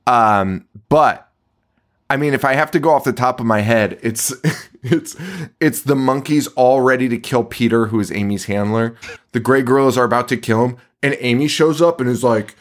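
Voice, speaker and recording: A man's voice: medium pitch, moderate pace. A man co-hosting a casual movie podcast, swearing often, laughing and acting out lines from scenes. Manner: profane, laughing, acts out quotes. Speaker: podcast co-host. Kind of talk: casual chat reviewing a movie.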